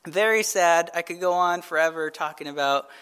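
This male pastor's voice is a little high, clear, and resonant, and he speaks at a moderate pace. His Bible teaching is conversational, retelling scripture in a casual, animated way with frequent "right?" check-ins.

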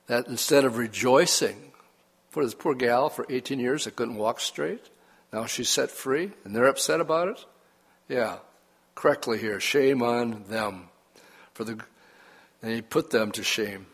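An older man preaching a sermon, reading scripture and telling folksy personal stories with lively emphasis. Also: medium pitch. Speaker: pastor.

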